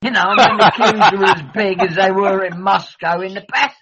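A man's voice: sits high, fairly quick, crowd noise. A man, chatting in a rambling, jokey way and swearing freely. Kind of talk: casual rambling chat. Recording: dull lo-fi audio.

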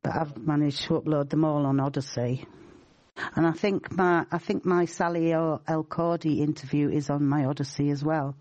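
A woman's voice: deep voice, steady tone, moderate pace, darkish tone, dry recording, muffled recording. A woman calling in from her rural home as a guest, chatting hesitantly over an online call.

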